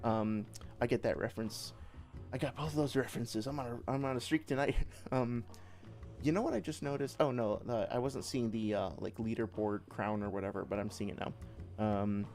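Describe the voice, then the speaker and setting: A man with a medium-pitched, slightly mellow voice talks at normal speed while playing a game. His let's-play chatter is loose and rambling, full of swearing, and faint game music can be heard underneath.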